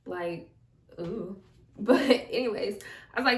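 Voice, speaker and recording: A young woman telling a storytime vlog in an animated, chatty, slangy way. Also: mid-range voice, slow pace. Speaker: vlogger. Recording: roomy, distant mic.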